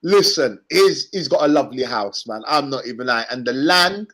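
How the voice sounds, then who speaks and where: A man's voice: mid-range voice, lively intonation, moderate pace, fairly bright tone, poor audio. A man with a Cockney accent hosting a casual live stream, chatty and upbeat, repeating phrases for emphasis. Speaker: vlogger and live-stream host.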